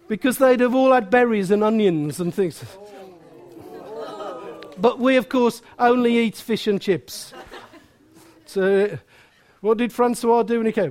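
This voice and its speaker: A man's voice: very high-pitched, a little slow, long pauses, a little mellow, some chatter behind. A man preaching a sermon, chatty and self-mocking, often asking his listeners questions.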